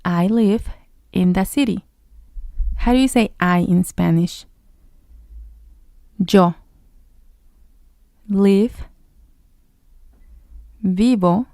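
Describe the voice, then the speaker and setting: A woman teaching a beginner language lesson, patiently asking each question, answering it herself and pausing for the learner to repeat. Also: medium pitch, warm tone, no echo, clean studio sound. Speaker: Spanish teacher.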